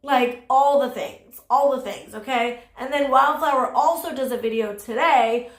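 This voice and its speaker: A high-pitched woman ranting through casual drama commentary, blunt and sassy with plenty of swearing. Her voice bounces around a roomy, echoey space. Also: unhurried. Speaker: commentary YouTuber.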